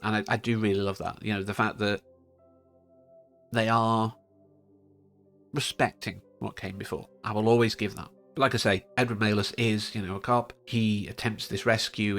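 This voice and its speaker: Male film reviewer, lowish voice, chatty and digressive, faint music underneath. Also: level tone, moderate pace, a bit bright. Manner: chatty, digressive, frequent fillers. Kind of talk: casual spoken film review. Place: home studio in front of a green screen.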